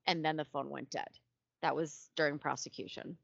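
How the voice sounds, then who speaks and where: A woman co-hosting a casual true crime podcast, reading case details aloud with blunt, animated asides. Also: low voice, moderate pace, vocal fry, no room sound. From Ohio. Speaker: podcast co-host. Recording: dull lo-fi sound.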